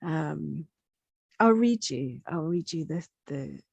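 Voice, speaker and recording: A woman who works as a quantum healing practitioner, gently recounting a session in a soft, hesitant reflective monologue full of fillers. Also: sits low, expressive, slow, vocal fry, breathy edge, no room sound, lo-fi sound. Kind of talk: reflective spoken monologue sharing channelled messages.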